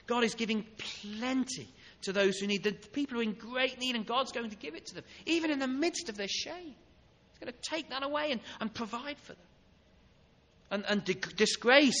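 A man preaching a sermon in a church, swinging between loud urging and soft, intimate asides. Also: high voice. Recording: long echo of a church hall.

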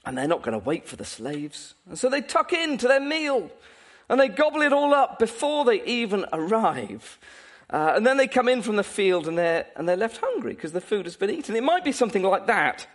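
Animated, high-voiced preacher. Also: male voice, a little fast. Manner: animated, playful, laughs often. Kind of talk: sermon.

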